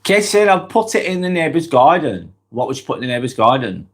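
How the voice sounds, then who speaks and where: A man from northwest England with a Lancashire accent, hosting a live-stream vlog while nursing a cold. His pitch rises and dips a lot as he reads out viewer comments and answers them in a chatty, direct way. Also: big pitch swings, quick pace. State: has a cold.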